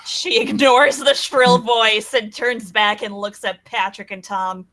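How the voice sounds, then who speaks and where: A woman's voice: a little high, steady tone, takes it slowly, pushed and bright. A woman casually narrating her character's actions in a tabletop game. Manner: casual, amused. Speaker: player. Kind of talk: tabletop role-play narration.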